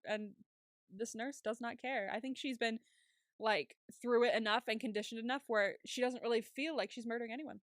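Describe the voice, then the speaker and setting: Young female co-host, casual recap talk, fairly high voice, acts out quotes. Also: moderate pace, dry recording, studio quality. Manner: animated retelling with quoted lines. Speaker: podcast co-host.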